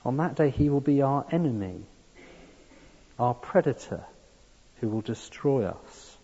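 A man's voice: medium pitch, animated, unhurried, mellow, slightly rough. A man preaching a sermon, earnest and building to emphatic peaks. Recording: dull sound in a long-reverb hall.

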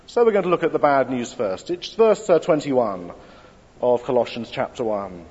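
A man delivers a sermon in a church, unhurried and gently humorous. His voice is husky and his pitch moves a lot. The sound carries a long hall reverb on a dull, muffled recording. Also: animated. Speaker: preacher.

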